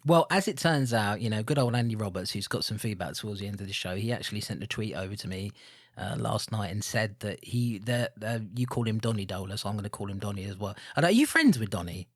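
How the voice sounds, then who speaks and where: Lively, laughing British man co-host. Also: on the low side, fast, dry recording, clean studio sound. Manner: animated, jokey, laughs often. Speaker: podcast co-host. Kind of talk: casual podcast chat.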